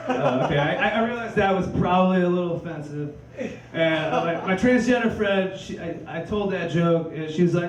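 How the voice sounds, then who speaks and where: Dude doing crude rambly standup, high voice that jumps all over, echoey club, crowd laughing. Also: male voice, animated, unhurried, pauses often, distant mic, a little hiss or hum. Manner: crude, rambling, self-deprecating. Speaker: stand-up comedian. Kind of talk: stand-up comedy set. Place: comedy club stage with live audience.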